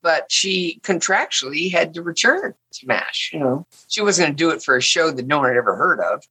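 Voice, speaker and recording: An older woman, an actress guest, telling a story in a lively, blunt way. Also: sits low, fairly quick, husky, rough recording. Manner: vivid, blunt anecdote-telling with bursts of laughter. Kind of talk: animated storytelling.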